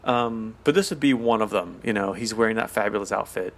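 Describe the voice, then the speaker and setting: A man's voice: lowish voice, a little fast. A man co-hosting a podcast in casual chat, laughing often and playfully quoting characters. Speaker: podcast co-host.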